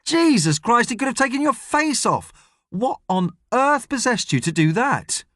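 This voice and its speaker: A man's voice: very high-pitched, sing-song, a little slow, fairly bright tone, no room sound, clean studio sound, voice pushed up, heavily acted. A man doing a sarcastic, grumpy astronaut. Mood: exasperated. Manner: sarcastic, exasperated. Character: irritable, dry middle-aged male astronaut.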